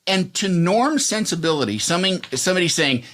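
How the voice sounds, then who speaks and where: A man in casual chat commenting on comedy, relaxed and musing. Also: high-pitched, a little fast, a faint crowd.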